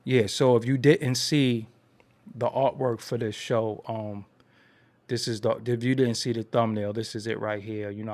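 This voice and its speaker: Dude ranting on his stream, aave, goes from low mumbles to squeaky high, dry close mic. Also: dry recording. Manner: animated venting, swings from low mutters to high outbursts. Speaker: commentary channel host. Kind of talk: casual livestream commentary.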